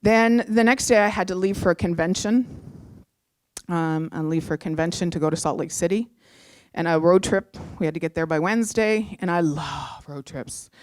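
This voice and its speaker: A middle-aged woman from Canada telling a personal story live on stage, heartfelt and animated, acting out the voices she quotes. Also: lowish voice, moderate pace, dry recording, clean studio sound. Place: theatre stage.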